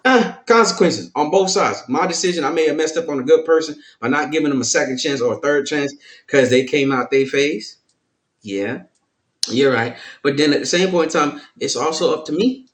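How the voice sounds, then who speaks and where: A man's voice: on the high side, moderate pace. Playful man in an echoey room. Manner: playful, animated storytelling with quoted lines. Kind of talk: casual chat.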